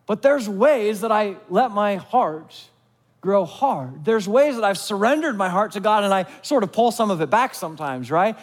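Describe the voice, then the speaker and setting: High-voiced man preaching in a reverberant hall. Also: lively intonation, normal speed. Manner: conversational, questioning the listeners directly; acts out short voiced asides. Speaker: pastor. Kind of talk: sermon.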